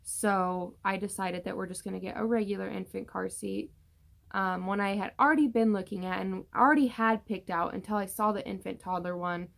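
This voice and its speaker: A woman's voice: mid-range voice, steady tone, moderate pace, vocal fry, a bit bright. A young woman casually chatting through a pregnancy update vlog, rambling with many fillers and tired from yawning. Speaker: vlogger.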